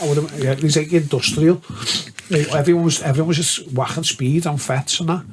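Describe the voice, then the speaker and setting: Liverpudlian man telling lively stories. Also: on the high side, a little fast, noisy background. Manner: swearing, storytelling with laughs. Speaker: DJ guest. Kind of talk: casual podcast chat.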